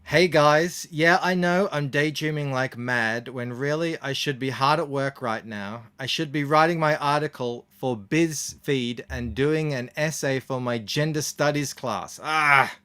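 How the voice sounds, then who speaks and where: A self-righteous young activist woman, preachy and breezy, with an Australian accent, as a man reads her out loud. She is read in a comic way rather than acted, in a voice at an everyday middle pitch. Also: measured pace, hardly any pauses, clean tone. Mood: chirpy. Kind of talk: comic reading of a short piece.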